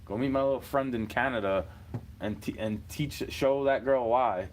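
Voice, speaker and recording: A man's voice: medium pitch, moderate pace, a little hiss or hum. Rambling profane man from New York. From New York City. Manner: profane, rambling, chuckling between rants. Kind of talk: rambling rant monologue.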